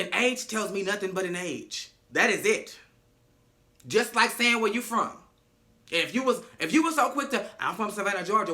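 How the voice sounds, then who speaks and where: A man's voice: high voice, pushed and bright. A man giving a casual reality-show recap, sassy, emphatic and profane.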